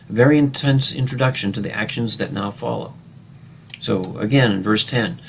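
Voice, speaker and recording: A lower-pitched man giving a Bible lesson, stumbling through fillers and restarts as he explains. When he reads scripture he lifts his voice with more weight. A faint hum sits behind him. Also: fairly quick, gravelly. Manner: hesitant, many fillers and restarts, louder when quoting scripture. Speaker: Bible teacher.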